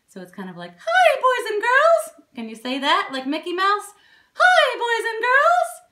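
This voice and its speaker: A woman's voice: mid-range voice, a bit bright. A woman vocal coach who patiently explains breathing and resonance step by step during a lesson. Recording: roomy echo, faint instrument behind.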